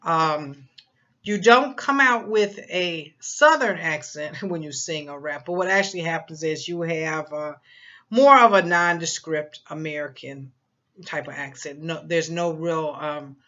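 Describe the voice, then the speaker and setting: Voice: medium pitch, measured pace, sharp tone, muffled recording. A psychic reader giving a casual spoken prediction, rambling and emphatic, with many fillers and repeated phrases.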